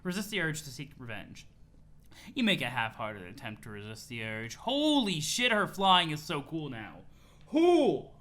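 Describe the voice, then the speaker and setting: A young man reading a webcomic aloud on a live stream, excitable and swearing, switching between hype reactions and dramatic read-alouds. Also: a little high, normal speed.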